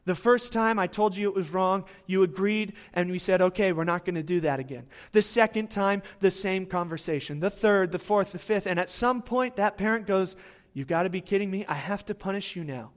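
A weary, exasperated God scolds a wayward people like a parent worn out by a child's repeated mistakes, as a man puts him on. The voice sits high for a man and pleads as much as it rebukes. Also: fairly quick, lightly acted. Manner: pleading, disappointed.

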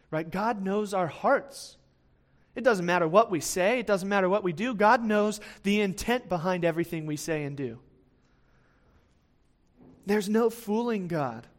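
A man with a high voice preaches in a relaxed, conversational way. He keeps asking his listeners for a nod and often doubles words as he thinks aloud. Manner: conversational, asks listeners for assent, repeats words. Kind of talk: sermon.

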